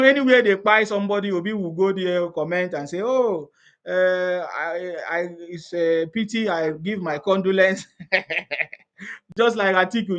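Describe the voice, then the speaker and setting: A man with a Nigerian accent talks politics casually in a high, fairly bright voice. He laughs often, repeats himself and poses rhetorical questions.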